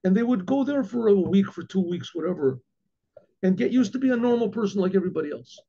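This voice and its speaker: A man, a rabbi, telling a story in an animated way, acting out the dialogue with many restarts and asides. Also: high voice, fast talker, a little hiss or hum. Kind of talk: storytelling talk. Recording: dull lo-fi recording.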